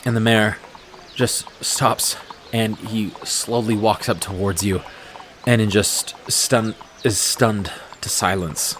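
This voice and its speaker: A man narrating as game master of a tabletop game, describing scenes in an unhurried way with frequent fillers. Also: fairly low pitch, steady tone, a bit bright, a little hiss or hum.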